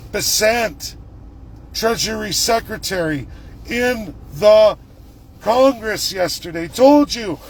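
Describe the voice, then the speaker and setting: A man from Alberta, delivering an angry, profane political rant to his followers. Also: high voice. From Alberta, Canada. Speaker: political vlogger.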